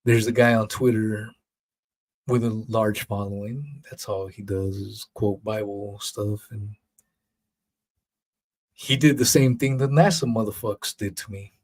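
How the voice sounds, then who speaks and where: A man's voice: lowish voice, steady tone, unhurried, a little mellow. A man hosting his own podcast, talking alone in a blunt, profane, rambling way. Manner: blunt, profane, rambling, mocks others in put-on voices. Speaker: podcast host. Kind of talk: casual solo monologue.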